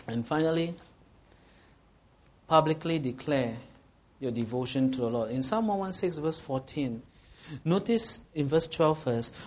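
A man's voice: a little high, measured pace, pauses often. A man preaching a sermon as pastor, mixing laughing anecdotes with scripture and asking the congregation rhetorical questions.

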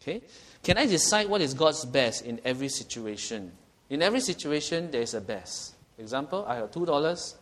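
A man's voice: fairly high pitch, very animated, fairly quick, a bit bright. Singaporean man preaching with questions. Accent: Singaporean English. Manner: conversational preaching, rhetorical questions, laughs at own jokes. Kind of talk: sermon.

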